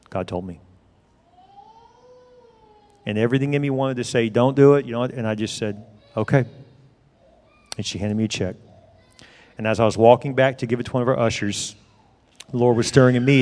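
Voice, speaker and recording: In a church sanctuary whose large hall adds a long reverb, a middle-aged male pastor preaches a sermon. His voice is fairly low and darkish, and he delivers it emphatically, like a conversational storyteller.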